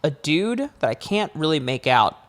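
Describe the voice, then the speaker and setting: A young man, a podcast co-host, telling a long story in casual chat, his voice jumping high when he acts out his own panic. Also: normal speed. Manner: animated storyteller, rises high acting out panic.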